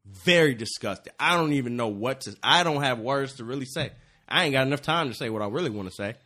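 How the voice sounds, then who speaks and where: A man's voice: medium pitch, expressive, fast, bright, forceful tone. Dude co-hosting a sports podcast, fired up, trips over his words a bit. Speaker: podcast co-host. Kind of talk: casual sports podcast chat.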